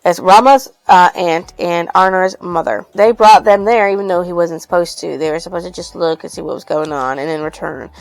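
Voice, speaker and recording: A woman's voice: fairly low pitch, brisk, creaky, hardly any pauses, dry recording, poor audio. A woman casually recapping a book's plot, rambling and swearing freely. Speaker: book reviewer.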